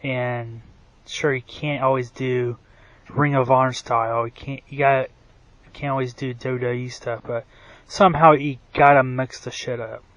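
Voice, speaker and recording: A wrestling commentary vlogger rants in a rambling, profane monologue full of fillers and restarts, even saying his own voice is bad. His mid-range voice has fairly even intonation, a moderate pace, and a fairly bright tone. The recording is rough, with no room sound.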